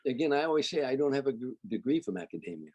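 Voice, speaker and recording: An older man from Chicago, a comedian guest, telling stories in an animated way and acting out the people he quotes. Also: medium pitch, racing, no echo. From Chicago, United States. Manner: animated storyteller, acts out quoted voices. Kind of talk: storytelling interview.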